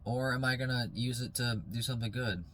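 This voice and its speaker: Bright-voiced young man vlogging outdoors. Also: mid-range voice, a little fast, slight background noise, poor audio. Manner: rambling, then heated and preachy. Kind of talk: casual motivational vlog.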